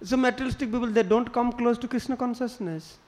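High-voiced man giving a sermon. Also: fast talker, a little mellow. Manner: storytelling with acted quotes, non-native English phrasing. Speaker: spiritual teacher.

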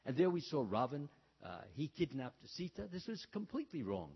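Guy telling a sermon story, lots of uh's and restarts, pitch jumps all over, husky voice, echoey hall, kinda dull sound. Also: very animated. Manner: halting, many fillers and restarts, acts out quoted lines. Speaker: religious speaker.

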